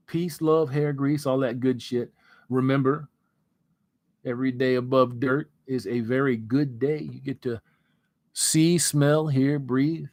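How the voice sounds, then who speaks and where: A man hosting a casual livestream, reading out viewer comments in a relaxed, rambling way before sliding into an earnest pep talk. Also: mid-range voice, normal speed, no room sound. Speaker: livestream host.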